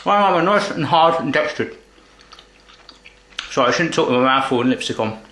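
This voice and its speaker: Quick chatty guy cooking at home, bit high voice, echoey kitchen. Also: lively intonation, pushed and bright, a little hiss or hum. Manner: cheeky, chatty, playful asides. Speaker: cooking vlogger. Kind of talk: jokey cooking video chat.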